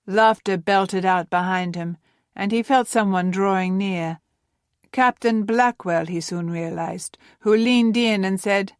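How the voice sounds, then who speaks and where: A woman narrating a historical novel as an audiobook, in a measured storytelling manner that gently voices the dialogue. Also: mid-range voice, dry recording, studio quality. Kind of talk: scripted narration.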